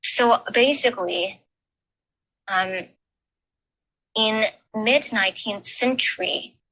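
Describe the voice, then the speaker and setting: A woman lectures at an education forum in an unhurried, measured way. Her voice is bright and crisp. She stops often on fillers as she picks her next words. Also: fairly high pitch, a little hiss or hum, low-quality recording. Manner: halting, with frequent filler pauses. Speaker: forum speaker. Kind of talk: academic talk on education history.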